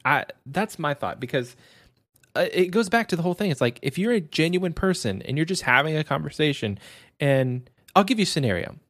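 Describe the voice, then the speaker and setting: A man's voice: fairly high pitch, very animated, a little fast, fairly bright tone, no room sound. A man chatting casually on a gaming podcast, laid-back and laughing, acting out little scenes. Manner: laid-back, laughs often, acts out scenarios. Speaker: co-host.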